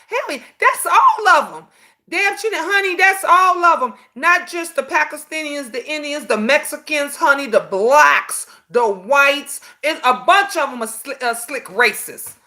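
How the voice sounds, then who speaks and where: High-pitched and a little slow, the woman in her fifties hosts a laid-back live stream. Her storytelling is animated and sassy, and "honey" comes up often.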